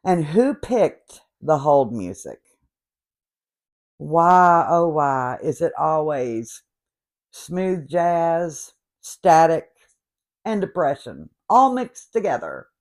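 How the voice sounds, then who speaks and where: A woman's voice: deep voice, sing-song, very slow, darkish tone. A woman in her late fifties who speaks with an accent, hosting a comedic rant in a sarcastic, exasperated storytelling manner. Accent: noticeable regional accent. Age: 50s. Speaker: host.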